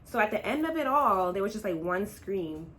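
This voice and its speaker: A young woman tells a storytime vlog with lively, dramatic energy. She talks straight to her viewers in a chatty way, rushing some parts and stretching others out. Her voice sits at a middle pitch. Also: a little hiss or hum. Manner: dramatic retelling, swings between fast and drawn-out. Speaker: vlogger. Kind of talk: casual storytime.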